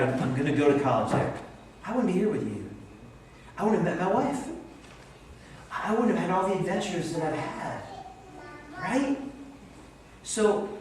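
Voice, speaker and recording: Male preacher, a little high-pitched, animated storyteller, heard from afar in a reverberant sanctuary. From Vermont, USA. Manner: animated, self-deprecating storytelling. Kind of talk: sermon. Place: church sanctuary. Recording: echoey church hall, distant mic.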